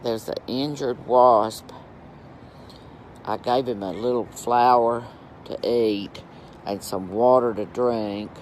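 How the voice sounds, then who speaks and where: A man's voice: medium pitch, steady tone, slow pace, pauses often, darkish tone, a little hiss or hum. A man telling campy, chatty stories to camera from home, swearing freely. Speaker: vlogger in lockdown. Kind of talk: casual storytelling to camera. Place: at home during lockdown.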